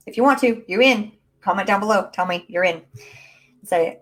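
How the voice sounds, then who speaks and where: A woman coaching viewers in an emphatic, rallying live talk, speaking straight to her audience through a low-quality mic. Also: moderate pace. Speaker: mindset and business coach. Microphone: low-quality built-in mic.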